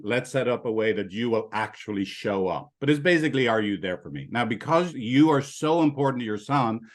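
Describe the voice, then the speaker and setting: A man hosting a conversation show, calmly explaining a guest's story back to him in a reflective, counseling way. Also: fairly low pitch. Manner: calm, explanatory, often checking with "right?". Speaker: host, counselor.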